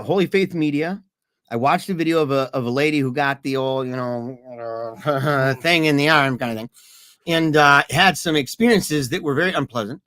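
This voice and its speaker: A man's voice: on the high side, a bit bright, no room sound, clean studio sound. A man co-hosting a casual podcast, talking earnestly and animatedly, often laughing and repeating himself. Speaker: podcast co-host.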